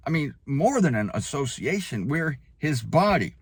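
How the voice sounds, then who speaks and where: A man giving spoken Bible teaching in an emphatic way, slowing down hard on key phrases and leaping up for emphasis. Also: husky, no echo. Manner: animated, leaps up in pitch for emphasis.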